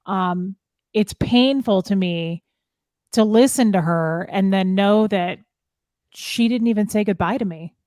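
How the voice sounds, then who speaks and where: A middle-aged woman telling a painful personal story, upset and halting, often restarting her sentences. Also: medium pitch, darkish tone, dry recording, studio quality. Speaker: guest sharing her story. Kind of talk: emotional personal account.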